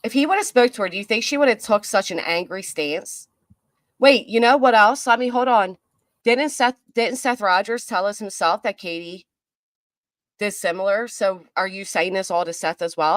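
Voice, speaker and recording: A woman's voice: mid-range voice, lively intonation, moderate pace, no echo, studio quality. A woman doing live reaction commentary, chatty and reading viewer comments aloud. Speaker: commentary streamer.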